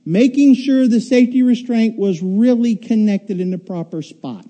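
A man delivering a sermon with a high, clearly raised voice and a very mellow, soft tone. He tells stories animatedly and acts out voices, then eases into a quiet, low delivery to make his point. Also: moderate pace. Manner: animated storytelling, acts out riders' shouts and screams. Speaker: pastor.

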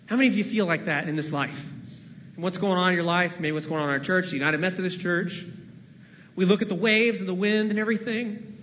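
A man preaching a sermon as pastor to his church, dramatic, moving between loud pleading and hushed, near-whispered lines. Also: high voice, fast talker, long reverb tail, a little hiss or hum. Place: church sanctuary.

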